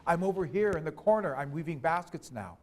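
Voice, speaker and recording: A man voicing a small, slender woman who weaves baskets, speaking softly and plainly. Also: on the high side, brisk, lightly acted. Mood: calm, clear. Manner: soft and timid, later calm and clear.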